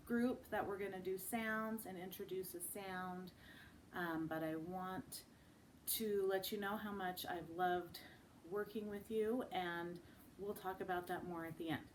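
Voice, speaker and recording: A woman teaching a children's phonics lesson. She models each sound slowly and with exaggeration, and breaks into sing-song chants. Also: mid-range voice, steady tone, a little hiss or hum. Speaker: speech and language teacher.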